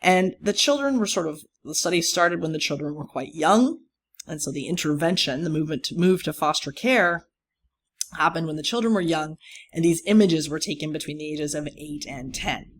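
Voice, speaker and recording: A lecturer giving a recorded course lecture, explaining clearly, speaking directly to students and stressing key words as they rephrase points. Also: mid-range voice, animated, moderate pace.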